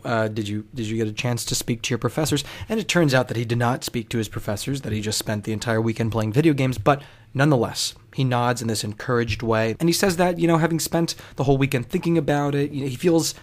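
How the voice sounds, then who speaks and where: A man's voice: mid-range voice, fast talker. A man telling a personal story in a wry, profane, conversational way.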